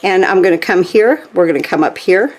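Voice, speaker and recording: A woman with a slightly low voice walks through a stitching craft at her table. She talks in a chatty, easygoing way and keeps checking in with the viewer as she goes. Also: lively intonation, fairly quick. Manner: chatty, frequent "okay?" check-ins. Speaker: craft tutorial host. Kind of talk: hands-on craft demonstration.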